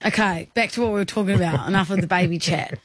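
A woman with an Australian accent hosting a radio show, chatting quickly and teasing her co-host with plenty of laughter. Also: fairly low pitch, no echo, studio quality. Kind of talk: casual radio banter. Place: radio studio.

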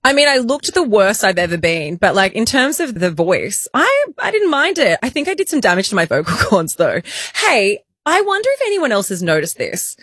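A woman's voice: medium pitch, very animated, moderate pace, fairly bright tone, no echo, clean studio sound. A woman in her thirties co-hosting a podcast, chatting casually and poking fun at herself with frequent laughs. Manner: chatty, self-mocking, laughs often. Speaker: podcast co-host. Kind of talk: casual chat.

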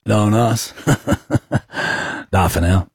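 A man's voice: fairly low pitch, extremely slow, a little mellow, slightly rough, no room sound, clean studio sound. A man with an Australian accent hosting radio, teasing his co-host in cheeky, mocking banter and laughing often.

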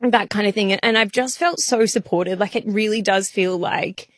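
A woman's voice: medium pitch, moderate pace, no echo, studio quality. A woman, a podcast producer, talking emotionally and holding back tears in casual chat.

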